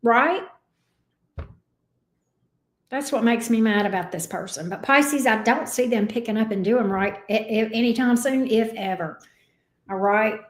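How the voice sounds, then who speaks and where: A woman's voice: a little high, measured pace, pauses often, roomy sound. A woman giving a casual tarot reading, talking bluntly, swearing freely and getting worked up. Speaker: tarot reader.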